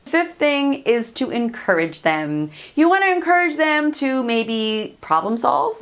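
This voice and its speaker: A woman's voice: a little high, very animated, unhurried. Chatty upbeat woman giving parenting advice. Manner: chatty and upbeat, laughs often, acts out quoted lines. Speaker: parenting coach and channel host. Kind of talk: casual direct-to-camera advice.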